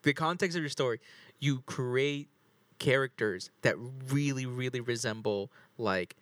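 A man's voice: mid-range voice, a little slow, fairly bright tone, no echo. A man in a casual podcast chat, eager and hesitant, full of fillers.

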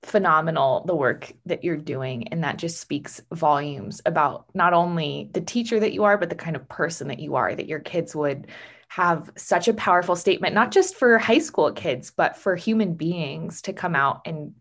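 A woman's voice: sits low, moderate pace, a bit bright. A woman hosting an interview, praising her guest before asking a question. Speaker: podcast host.

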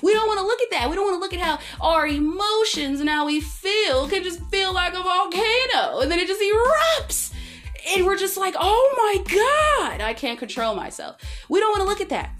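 A woman hosting her own podcast, talking candidly and expressively, with big swings in pitch and loudness for emphasis. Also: very animated, fairly quick, faint music behind. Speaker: podcast host. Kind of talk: candid solo podcast monologue.

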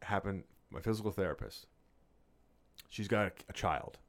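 A man's voice: low-pitched, normal speed. Profane man telling a story. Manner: profane, animated anecdote-telling. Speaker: podcast co-host. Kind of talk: casual storytelling chat.

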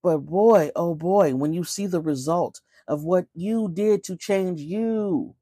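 A woman's voice: on the low side, slow pace, dark tone, husky, dry recording, studio quality. A woman hosting a casual spiritual talk, emphatic and preachy, often firing off rhetorical questions.

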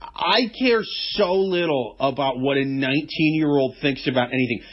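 A man's voice: mid-range voice, moderate pace, husky, dull audio. A man in his mid thirties, talking casually and profanely, with a lot of emphasis. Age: 30s. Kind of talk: casual chat.

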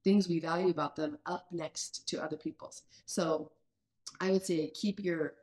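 A woman's voice: on the low side, steady tone, normal speed, darkish tone. Earnest woman in her thirties. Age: mid-30s. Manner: earnest, thinks aloud with many restarts. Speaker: podcast host. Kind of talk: casual parenting podcast chat.

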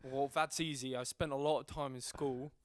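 A man's voice: mid-range voice, fairly even intonation, normal speed, no room sound, clean studio sound, natural voice. A man impersonating a smug, boastful male game-show quizzer.

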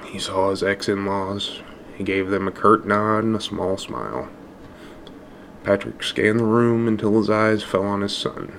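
Gravelly low male story narrator. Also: a little slow, fairly bright tone, slight background noise. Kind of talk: audiobook narration of a dark story.

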